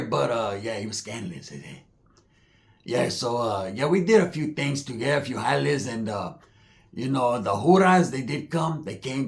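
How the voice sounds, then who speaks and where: A Southern California man with a Chicano English accent rambles through a comedic monologue packed with "I say" asides and Spanish slang. His voice is mid-range and gravelly.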